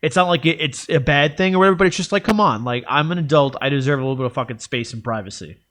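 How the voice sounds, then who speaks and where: A man's voice: a little high, quick pace. A man co-hosting a podcast, chatting casually and acting out stories with quoted voices. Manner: animated storytelling, acts out quoted voices. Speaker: podcast co-host. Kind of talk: casual comedic chat.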